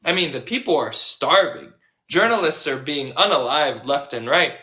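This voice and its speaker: A male activist with a bright, tense edge talks with biting sarcasm. He slips into other people's voices to quote them, mocking the arguments he keeps hearing. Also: a little high, expressive, moderate pace. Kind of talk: impassioned conversational storytelling.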